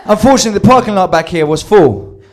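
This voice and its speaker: Animated male storyteller, slightly high voice. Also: moderate pace. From Sweden. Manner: animated, acts out quoted lines, swears freely. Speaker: storyteller on a comedy show. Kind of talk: live comedic storytelling.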